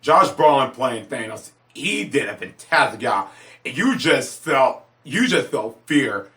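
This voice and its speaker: An excitable man talks through his movie rankings in a loose, rambling monologue, circling back on his words. His voice is bright and pushing, and it leaps into high yelps whenever he gets carried away. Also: a little slow. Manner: excitable, gushing, repeats himself, sudden high-pitched exclamations. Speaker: movie reviewer.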